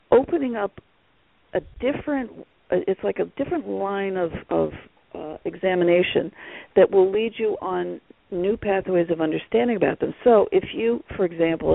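A man's voice: high voice, moderate pace, creaky, no echo. A man talking as an author guest on a radio interview, rambling with many fillers over a phone line.

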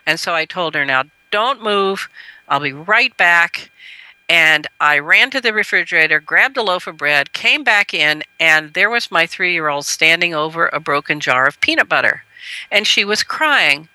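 Bright-voiced woman telling a gentle story. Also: animated, measured pace, dry recording, poor audio. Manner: earnest, gentle storyteller who lifts her pitch when quoting. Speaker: guest, parenting educator. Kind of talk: radio interview storytelling.

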